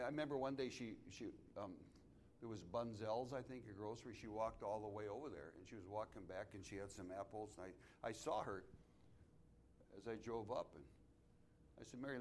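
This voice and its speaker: A middle-aged male pastor preaching a sermon in church, telling a story with many restarts and building to loud, emphatic climaxes. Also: fairly low pitch, a little hiss or hum. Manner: storytelling, repeats and restarts phrases, rises to loud emphatic peaks.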